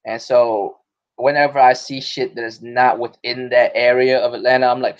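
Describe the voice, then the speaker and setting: A man's voice: mid-range voice, level tone, normal speed. A man hosting a casual podcast chat, talking in loose slang with plenty of cursing and frequent laughter. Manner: profane, slangy, laughs often. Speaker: podcast host. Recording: dull lo-fi podcast audio.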